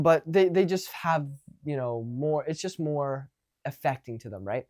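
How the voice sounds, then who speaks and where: A young man coaching guys on dating in a loose, animated monologue. His voice sits a bit high and sounds close and dry, with no room around it. He swears casually and speaks frankly. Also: moderate pace, no echo. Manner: animated, acts out quoted exchanges, swears casually.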